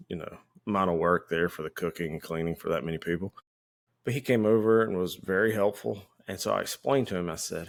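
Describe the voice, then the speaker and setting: A man with a very low voice tells a story in an easy, conversational way. He co-hosts a podcast and talks about his time as a firefighter. Now and then he acts out what the people in the story said. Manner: relaxed, anecdotal, acts out quoted lines. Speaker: podcast co-host.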